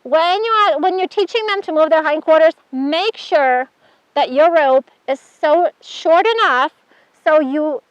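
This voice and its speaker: A woman's voice: high voice, measured pace, no echo. A woman instructor giving a chatty hands-on horse handling demonstration, praising the horse as she works. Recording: dull dry sound.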